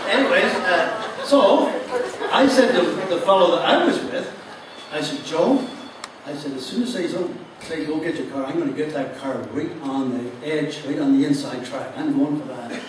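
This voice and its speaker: A man's voice: fairly high pitch, background noise. Older man telling a story in an echoey hall. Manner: rambling storyteller with frequent uhs and restarts. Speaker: speaker at a tribute dinner. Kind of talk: humorous anecdote speech. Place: large banquet hall. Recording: echoey hall, mic from a distance.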